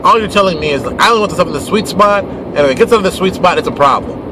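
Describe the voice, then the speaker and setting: A man talks through a casual monologue with animated exasperation and slips into short mock dialogues. His voice sits a bit high. Clear traffic and street noise run behind him outdoors. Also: very fast. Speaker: podcast host and game publisher.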